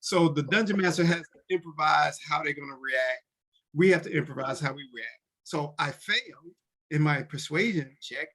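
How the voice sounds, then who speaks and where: A man's voice: on the high side, normal speed, a bit bright. Casual man explaining game rules. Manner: talks in restarts, acts out short character lines. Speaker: podcast co-host explaining tabletop games.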